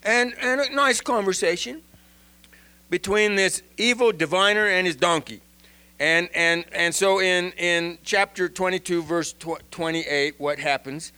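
A man giving an informal Bible lesson in an animated way, often restarting and repeating words. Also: high voice, unhurried, clean tone. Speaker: Bible teacher.

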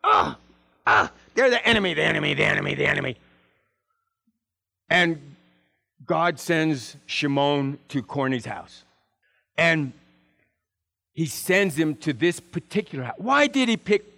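A man preaching a sermon in an animated way, acting out biblical figures with big swings in his voice. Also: on the high side, measured pace, vocal fry, long pauses.

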